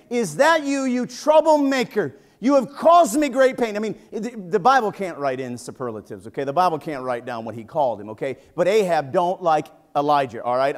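A man in his fifties, a pastor preaching a sermon in a church, telling jokes and stories with lively, animated energy. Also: sits high. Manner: energetic, joking, animated storytelling. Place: church sanctuary.

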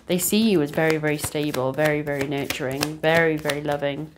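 Chatty low-voiced woman. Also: fairly even intonation, a little fast, noisy background. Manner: chatty, rambling, laughs often. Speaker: tarot reader. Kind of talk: casual tarot reading to camera.

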